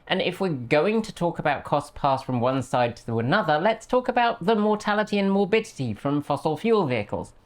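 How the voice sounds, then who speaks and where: A woman with a low voice hosts a commentary segment. She picks apart her subject with dry, mocking sarcasm, and her pitch swings widely as she goes. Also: big pitch swings, fairly quick, few pauses. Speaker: host. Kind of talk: commentary video.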